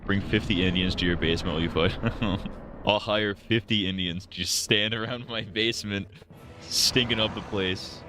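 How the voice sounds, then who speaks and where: A man's voice: lowish voice, steady tone, moderate pace, over music. A young man streaming a game, joking, swearing and rambling in casual crude commentary. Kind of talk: crude live gaming commentary.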